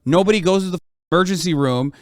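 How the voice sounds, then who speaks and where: A man's voice: high-pitched, fast, no room sound, clean studio sound. A live streamer man giving heated political commentary, arguing bluntly and swearing freely.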